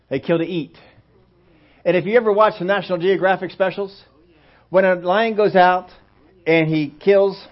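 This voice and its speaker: A male pastor preaches in a chatty, folksy way and keeps acting out little scenes with humor. His voice sits a little high. The recording is dull and lo-fi. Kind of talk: conversational sermon.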